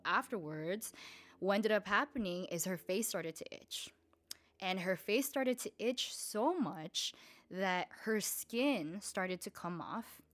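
A young woman hosts a laid-back storytelling podcast, swearing freely and leaning on fillers. She plays out quoted voices with sudden jumps in pitch and loudness. Her voice sits in an ordinary middle range for a woman. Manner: profane, chatty, many fillers; acts out quoted people with shifting pitch and loudness. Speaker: podcast host.

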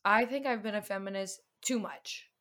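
A woman's voice: mid-range voice, moderate pace, a bit bright. A young woman from the northern US co-hosting a podcast in casual chat, chatty and self-deprecating, laughing often. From northern United States. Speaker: podcast co-host.

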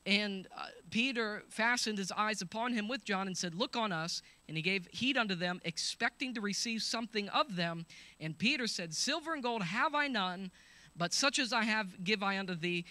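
A high, bright male voice preaching a sermon. He reads scripture aloud, shouts the healing commands and calls out hallelujahs to the congregation. The sound is dry and close. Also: animated, moderate pace, no room sound.

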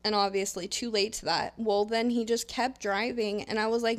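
Young woman co-host, casual podcast chat, rambling storyteller who swears freely and fills pauses with "um". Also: mid-range voice, steady tone. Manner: rambling storytelling, heavy swearing, many fillers.

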